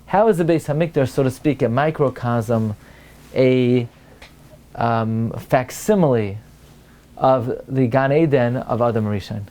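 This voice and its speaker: A man, a rabbi, giving a Torah lecture, asking rhetorical questions and rising to an excited high pitch to make a point. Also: unhurried. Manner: peppers English with Hebrew and Aramaic terms, asks rhetorical questions.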